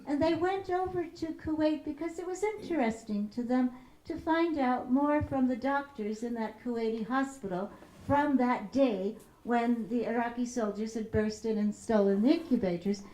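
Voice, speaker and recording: A middle-aged woman from Chicago giving a public talk as a peace activist. She tells stories in a measured way and slows down to stress key phrases. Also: a little high, warm tone. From Chicago, USA. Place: lecture room. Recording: roomy hall echo.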